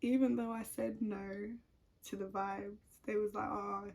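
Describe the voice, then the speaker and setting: A woman's voice: mid-range voice, little pitch movement, a little slow, vocal fry, darkish tone. A young woman telling a personal story at home in a chatty, casual way, full of "like" fillers. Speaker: vlogger.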